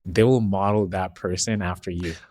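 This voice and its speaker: A man with a fairly low voice chatting on a podcast. He speaks in an encouraging, affirming way, backing up his co-host. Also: fairly even intonation, moderate pace, darkish tone. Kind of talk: casual conversation.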